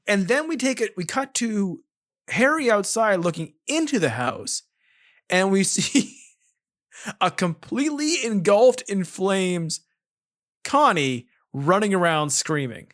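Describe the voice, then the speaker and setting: Animated podcast co-host with a lively pitch. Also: unhurried. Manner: animated, laughing, slips into mock voices. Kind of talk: casual film recap chat.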